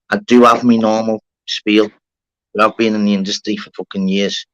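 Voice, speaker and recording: A man hosting a casual live-stream chat, rambling, animated and swearing a lot. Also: fairly low pitch, normal speed, no room sound, highs cut off. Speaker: channel host.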